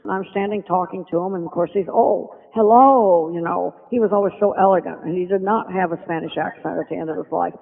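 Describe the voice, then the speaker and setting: An older woman telling stories as a podcast guest, animated and acting out the voices of people she quotes. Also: on the low side, quick pace, gravelly, few pauses. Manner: animated storyteller who acts out quoted speech. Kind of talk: reminiscing interview storytelling. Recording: tinny phone line with long reverb.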